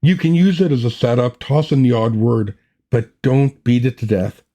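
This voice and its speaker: A man hosting a writing podcast, giving a scripted lesson in a measured, matter-of-fact way. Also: medium pitch, lively intonation, warm tone. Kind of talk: scripted teaching talk.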